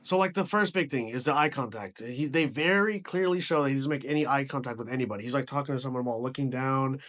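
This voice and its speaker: A man's voice: mid-range voice, quick pace, a bit bright. A man giving a casual movie review, rambling with frequent restarts and casual swearing.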